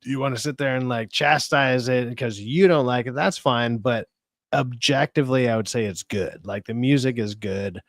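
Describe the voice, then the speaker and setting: A man's voice: mid-range voice, moderate pace, dry recording. Male podcast co-host, casual and crude, dry close sound. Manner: crude, joking, puts on silly voices. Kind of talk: casual chat.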